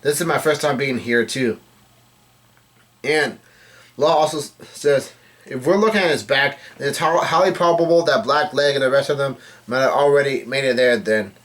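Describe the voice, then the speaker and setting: Male reader, mid pitch, casual comic read-through with frequent self-corrections. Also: moderate pace, fairly bright tone. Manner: reads quoted lines in his own voice, often correcting himself. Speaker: manga reader.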